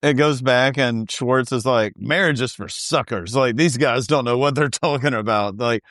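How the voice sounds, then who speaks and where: A man co-hosting a podcast chats in a relaxed, easygoing way about reality television. His pitch sits in the middle, and the recording is close and dry. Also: moderate pace, dry recording. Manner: easygoing, laughs along. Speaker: podcast co-host. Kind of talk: casual recap chat.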